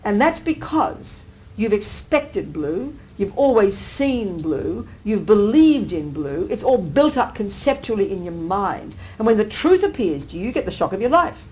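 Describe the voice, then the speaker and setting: A woman Buddhist teacher giving a live talk, animated, often asking her listeners whether they agree and acting out everyday exclamations. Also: medium pitch, measured pace, poor audio. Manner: acts out everyday exclamations with sudden lifts. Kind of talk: live dharma teaching to an audience.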